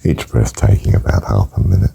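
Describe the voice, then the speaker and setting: Gravelly older man, slow and husky. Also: very deep voice, steady tone, low-quality recording. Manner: slow, gentle counting with soft near-whispered stretches. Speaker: spiritual teacher. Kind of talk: guided breathing meditation.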